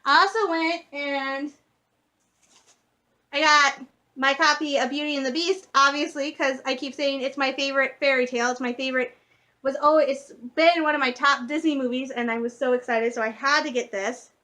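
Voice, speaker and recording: A young woman from Michigan chatting excitedly in a casual vlog, gushing like a fan, with lots of fillers and restarts. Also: high voice, normal speed. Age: young adult. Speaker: vlogger.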